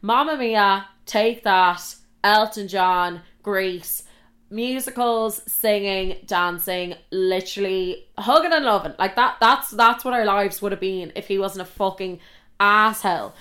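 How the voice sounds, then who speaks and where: Animated young Irish woman telling stories. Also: measured pace. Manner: animated and expressive, swears a lot, jumps to high loud outbursts. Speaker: podcast host. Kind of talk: casual storytelling.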